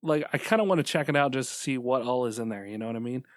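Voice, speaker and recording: A man's voice: mid-range voice, racing, no room sound, studio quality. A man co-hosting a podcast, chatting casually, laughing often and playfully blunt. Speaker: podcast co-host. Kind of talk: casual banter.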